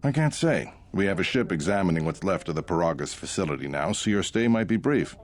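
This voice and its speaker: A man voicing a curt male security officer, brisk and official. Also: low voice, animated, pitched below the performer's own voice.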